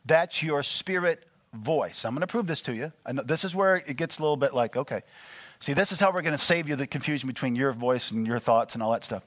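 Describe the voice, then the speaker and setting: A man preaching a sermon, animated and full of call-and-response questions to the congregation. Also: medium pitch, brisk, no room sound. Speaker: pastor.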